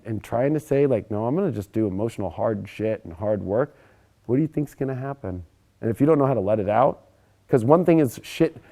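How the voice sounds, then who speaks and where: A young adult man giving a casual, animated astrology monologue, emphatic and often swearing. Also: medium pitch. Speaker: astrology presenter.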